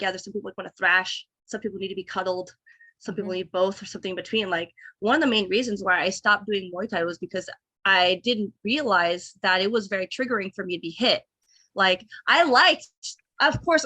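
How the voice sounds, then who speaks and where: A woman in her thirties talks as a podcast guest in a loose, open conversation. Her voice has a bright, forward edge at an ordinary pitch. She rambles and restarts, piles up fillers, and slips into quoting her own past thoughts. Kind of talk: casual conversation.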